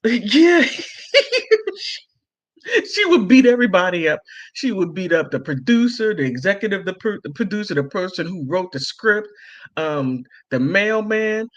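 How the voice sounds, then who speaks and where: Male livestream host reading chat; loose, giggly, slow-paced, a bit high-pitched. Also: fairly bright tone. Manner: giggly, laughs often between remarks; loose and rambling, full of fillers. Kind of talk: casual livestream chat reading viewer comments.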